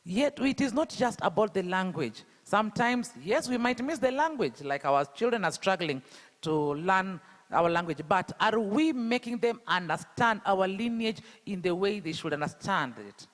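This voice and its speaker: High-voiced Kenyan man with Luo accent. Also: animated, normal speed, long reverb tail. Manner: emphatic, full of rhetorical questions to the audience. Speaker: speaker at an education event. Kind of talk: public talk.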